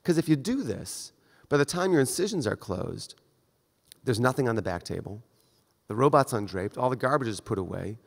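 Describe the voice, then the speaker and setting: A male surgeon lecturing to a conference audience in a direct, conversational manner, his mid-pitched voice trailing a long reverb through the lecture hall. He talks his listeners through the steps as if they stood with him in the room. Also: sing-song, moderate pace, creaky. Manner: conversational, direct, acts out brief exchanges.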